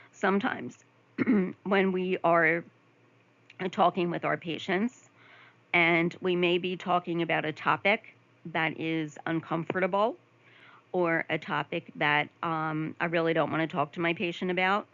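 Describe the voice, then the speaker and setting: Woman, gravelly voice, slide lecture voice-over, dull lo-fi sound. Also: low voice, a bit bright. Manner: conversational, gives examples in the first person. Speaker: nursing instructor. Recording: dull lo-fi mic.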